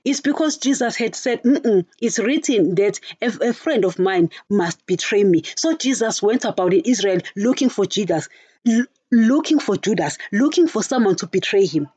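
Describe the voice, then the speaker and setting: Mad woman podcaster ranting, dark husky voice, dry sound. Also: medium pitch, no room sound. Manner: angry, repetitive, addresses listeners as guys. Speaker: podcast host. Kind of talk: impassioned religious podcast monologue.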